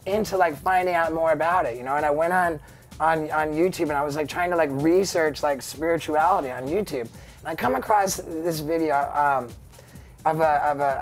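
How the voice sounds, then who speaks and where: Man, fairly high voice, rambling casual storytelling, constant fillers, faint music behind. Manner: rambling, heavy use of "like" and "you know". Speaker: guest.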